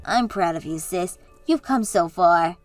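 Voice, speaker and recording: A woman's voice: fairly low pitch, expressive, measured pace, no echo, soft background music. A woman voicing Katie, a bubbly and encouraging sister and maid of honor, in a scripted story drama. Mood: cheerful.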